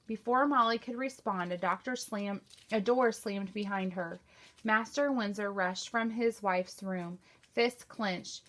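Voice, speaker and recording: A woman teacher narrates a novel for her class in a mid-pitched voice. Her reading is steady and even-paced. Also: a little slow. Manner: steady storytelling.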